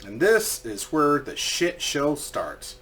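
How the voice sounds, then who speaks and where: A man's voice: on the high side, slow pace, noisy background. A man casually telling a story, swearing freely and acting out what people said. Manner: profane, animated, acts out quoted voices.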